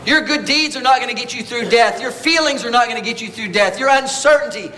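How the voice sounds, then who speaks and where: A male preacher delivering a Sunday sermon, pressing his listeners with one rhetorical question after another. His voice sits high and rings bright and forceful, with a faint hum of the room behind him. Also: a little fast, rough recording. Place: church service.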